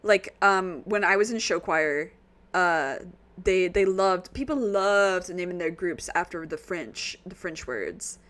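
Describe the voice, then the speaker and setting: A woman's voice: fairly low pitch, takes it slowly, a bit bright. An American woman streaming a game, chatting casually and laughing often between jokey asides. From United States. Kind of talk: casual let's-play commentary.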